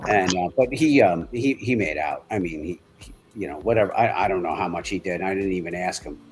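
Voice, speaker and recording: A man's voice: low voice, animated, a little hiss or hum, poor audio. Rambling middle-aged man. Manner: rambling, halting storyteller with many restarts. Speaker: livestream co-host. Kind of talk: casual chat.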